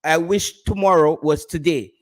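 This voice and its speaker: A man's voice: on the high side, normal speed. A man with a Jamaican accent, hosting a casual live stream about football, bantering with his chat and laughing often.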